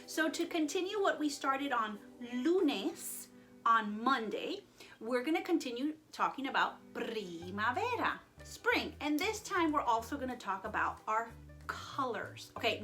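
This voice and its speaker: A woman's voice: on the high side, pushed and bright. A woman teaching Spanish to young children in a friendly online lesson, playful and chatty, joking and mixing Spanish words into her English.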